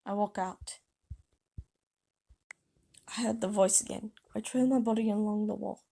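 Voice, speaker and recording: A woman's voice: mid-range voice, fairly even intonation, moderate pace, creaky, warm tone. A woman casually reading her own fan story aloud, voicing characters lightly and restarting words as she goes. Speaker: author reading her fanfiction.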